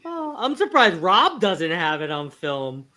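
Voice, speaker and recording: Slow-talking woman hosting a livestream. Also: lowish voice, big pitch swings, pushed and bright. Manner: laughs often, repeats words teasingly. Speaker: livestream host. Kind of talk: casual livestream chat.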